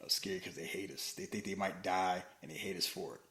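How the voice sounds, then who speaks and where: A man co-hosting a podcast, joking his way through a movie recap in casual banter and slipping into quick character bits. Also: sits low, fairly even intonation, fairly bright tone. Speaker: podcast co-host.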